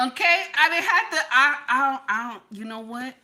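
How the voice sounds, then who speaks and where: A woman giving animated casual commentary, repeating phrases, often asking "okay?", and breaking into laughter. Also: high-pitched, normal speed.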